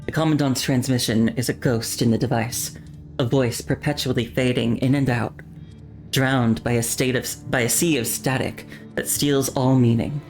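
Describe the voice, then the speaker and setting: A woman streamer narrating a game story aloud with slow, deliberate pacing and wry asides. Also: extremely low pitch, steady tone, a little mellow, faint music behind. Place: home streaming setup.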